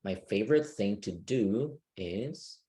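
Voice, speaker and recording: A man's voice: fairly low pitch, lively intonation, slow pace, mellow. A man teaching an online English speaking class, patient and checking that students understand.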